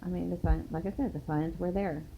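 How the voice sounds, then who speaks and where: A woman's voice: on the low side, steady tone, brisk, gravelly, mellow. A woman in her thirties telling a personal story in a casual, blunt and profane way, with a lot of emphasis. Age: 30s. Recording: dull lo-fi recording, faint hiss.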